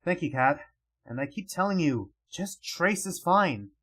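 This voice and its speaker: A man voicing a calm young male mage in a quiet, reassuring webcomic reading. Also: fairly high pitch, unhurried.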